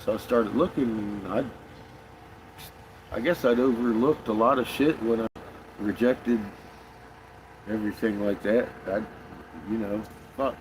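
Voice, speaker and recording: A man's voice: lowish voice, measured pace, pauses often, noisy background. A man talking casually in a rambling monologue, swearing often and restarting his sentences. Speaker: conspiracy vlogger.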